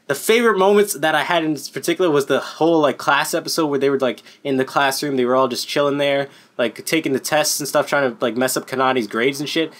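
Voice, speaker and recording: A man giving a casual, unscripted anime review, excitable and rambling, swearing constantly and filling gaps with "like.". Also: mid-range voice, fast, hardly any pauses. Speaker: anime YouTuber.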